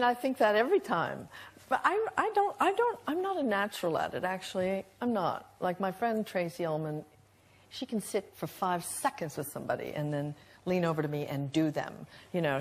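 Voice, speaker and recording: A woman who is a talk show guest, telling a story in a measured, reflective way. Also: on the low side. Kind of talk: anecdotal chat. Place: TV studio.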